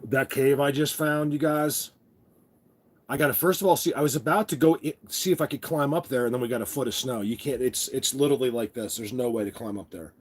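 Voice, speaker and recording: A man's voice: medium pitch, a little fast, slightly rough. A man chatting casually with viewers on a live stream from his phone, groggy from just waking up and rambling as he greets people by name. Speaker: vlogger hosting a live stream. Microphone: phone camera.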